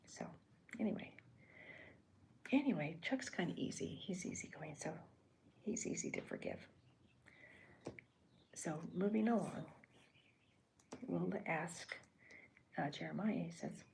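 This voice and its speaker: A woman cartoonist in soft-spoken ASMR commentary, talking hesitantly with many restarts as she describes her comic panels. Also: fairly low pitch, vocal fry, low-quality recording.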